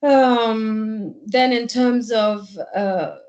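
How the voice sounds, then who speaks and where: A woman's voice: a little high, fairly even intonation, extremely slow, a little mellow, lo-fi sound. A woman giving spoken feedback on a role-play, weighing what went well against the mistakes. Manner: analytical, weighs strengths and mistakes. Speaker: workshop participant giving feedback.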